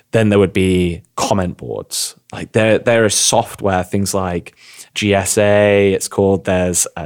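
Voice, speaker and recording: Brief: young English man, low voice, casual podcast co-host, rambling storyteller. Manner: rambling, animated storytelling with quick asides.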